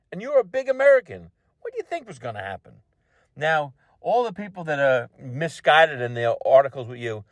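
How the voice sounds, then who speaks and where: A man's voice: on the high side, dry recording, studio quality. A man hosting an opinion show, ranting bluntly and sarcastically about a news story. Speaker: show host. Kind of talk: opinion commentary.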